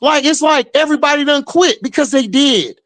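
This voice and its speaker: A man's voice: extremely high pitch, a little fast, fairly bright tone. A man hosting a livestream, casually commenting and reacting to chat, drawling and laughing often in slangy talk. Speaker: livestream host.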